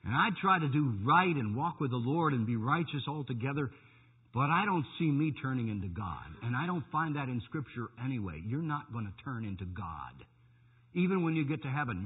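A man preaching a fiery radio sermon, stressing words slowly and emphatically. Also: mid-range voice, sing-song, slightly rough, big-room sound. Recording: tinny phone-like radio broadcast.

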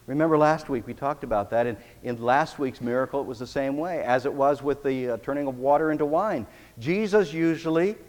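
Emphatic preaching man in a reverberant church. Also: a little high. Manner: emphatic preaching with wide swings in loudness. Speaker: pastor. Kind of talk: sermon.

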